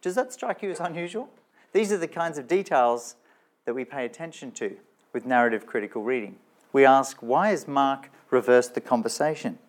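A man preaching a sermon in a church, talking in a conversational way and asking his listeners rhetorical questions. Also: medium pitch. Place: church with slides shown.

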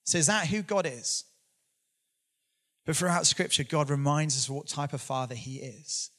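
A man's voice: on the high side, moderate pace, fairly bright tone. Earnest man preaching a sermon. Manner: earnest, storytelling with self-deprecating humor. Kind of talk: conversational sermon.

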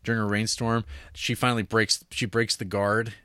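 A man's voice: lowish voice, level tone, normal speed, sharp tone, clean tone, no echo, studio quality. A young man casually retelling a film's story, full of fillers, restarts and "like". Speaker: podcast co-host. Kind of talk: casual movie discussion.

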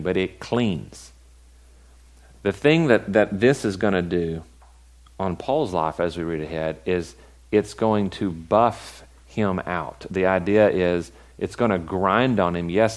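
Deep-voiced man preaching conversationally. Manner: conversational, asks rhetorical questions. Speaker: pastor. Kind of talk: sermon.

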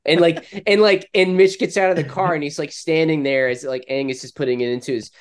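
A man's voice: fairly high pitch, steady tone, brisk. A man co-hosting a podcast, rambling and profane, acting out silly scenes in casual comedic banter. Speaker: podcast co-host. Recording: lo-fi home audio.

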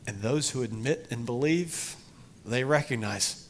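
A middle-aged man preaching a sermon to his congregation, emphatic, rising loud for emphasis and then dropping low. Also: a little slow. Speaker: pastor.

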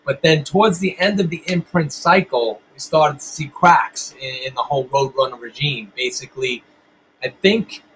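A man's voice: a little high, a bit bright, a little hiss or hum, rough recording. Swearing, rambling middle-aged man. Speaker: band musician, guest. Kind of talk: casual storytelling interview.

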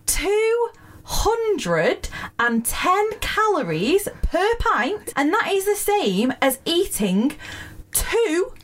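A woman's voice: extremely high pitch, big pitch swings, extremely slow. A woman co-hosting a podcast, chatting casually, giggly and exclamatory. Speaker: podcast co-host. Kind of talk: casual chat.

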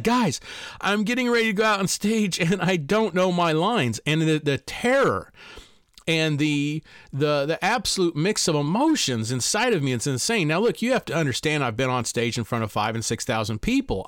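A man speaking as a life coach, telling a personal story in an animated, emphatic way. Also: no room sound, studio quality. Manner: animated and emphatic, pitch leaps on key words.

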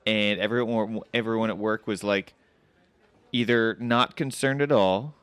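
A man's voice: lowish voice, fairly even intonation, a little slow, a bit bright, clean tone, no room sound. A man hosting a casual podcast, rambling with many fillers and sounding anxious. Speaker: podcast host. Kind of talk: casual chat.

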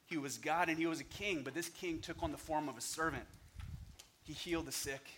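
A man's voice: a little high, a little fast, a bit bright, a little hiss or hum. A man preaching an earnest, scripture-quoting sermon on a church stage. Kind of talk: competitive sermon.

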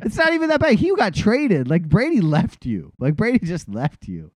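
A man's voice: high-pitched, huge pitch swings, moderate pace, no echo. A man from the Boston area co-hosting a sports podcast, ranting with lots of swearing and laughing through his words. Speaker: podcast co-host. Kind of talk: casual sports chat.

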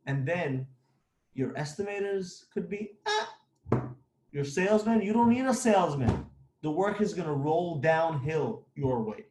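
Blunt construction boss guy, kinda high voice, echoey room, keeps hammering his point. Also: animated, a little slow, noisy background. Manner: blunt, emphatic, repeats points. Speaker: construction company owner. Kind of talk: business advice talk.

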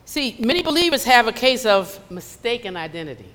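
A woman's voice: a little high, big pitch swings, brisk, fairly bright tone. A woman preaching a conversational sermon in a church, slipping into acted asides. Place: church sanctuary. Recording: long hall reverb.

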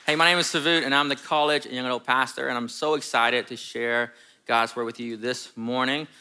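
Bright, clear-voiced young male pastor. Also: medium pitch, fairly even intonation, fairly quick, a faint crowd. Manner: friendly, chatty, often adds "right?". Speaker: college and young adult pastor. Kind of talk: sermon with personal story. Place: church sanctuary.

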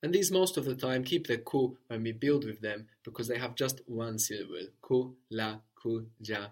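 A man's voice: medium pitch, fairly quick, a little mellow, slightly rough. Patient man teaching a language lesson. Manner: patient, prompts and corrects, often ends with "no?". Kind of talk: guided spoken language lesson.

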